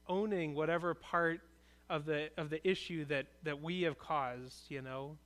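Male pastor, earnest conversational preacher, fairly high smooth voice, speaking in a church. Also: normal speed, a bit bright. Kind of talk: sermon.

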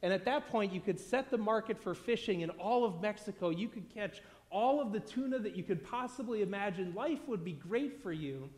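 A man's voice: animated, moderate pace, few pauses, a little mellow. A man doing a pushy American business executive. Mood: persuasive. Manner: confident, persuasive sales pitch. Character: self-assured American male business executive, eager to advise. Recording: long hall reverb.

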